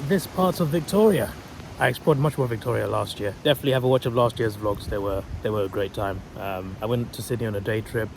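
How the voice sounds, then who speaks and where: A man's voice: mid-range voice, a little mellow. Chatty young man vlogging outdoors. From England. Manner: chatty, laughs often, casual slang. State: losing his voice. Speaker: travel vlogger. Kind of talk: casual vlog chat. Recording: clear outdoor street and traffic noise.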